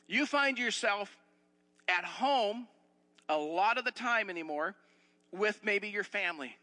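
Male pastor, high bright voice, earnest sermon delivery with a long hall echo. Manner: earnest, repeats and restarts phrases, asks the listeners questions.

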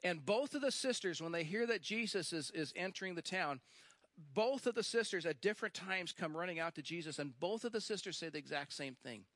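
A man's voice: sits high, lively intonation, a bit bright, no room sound. A male pastor preaching a sermon, telling a story with emphatic repetition and acting out the lines he quotes. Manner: emphatic, repeats phrases, slows for stress.

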